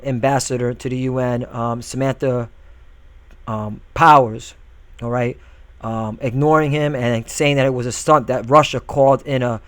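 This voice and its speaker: A man's voice: mid-range voice, no echo. A man giving religious and political commentary in a preachy, combative way, often stopping with "all right?" and reading scripture and news aloud. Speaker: video commentator.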